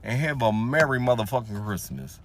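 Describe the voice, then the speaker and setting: A man's voice: medium pitch, expressive, normal speed, over loud music. A man ranting with a lot of cursing, in a mocking tone. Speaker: storyteller. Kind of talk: profane rant. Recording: noisy recording.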